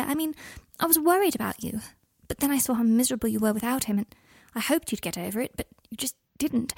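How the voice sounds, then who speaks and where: A woman's voice: a little mellow, slightly rough, no echo, full character voice. A woman voicing an anxious, earnest young woman who talks in a raised, pleading tone, read dry and close. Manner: apologetic, pleading, raised pitch.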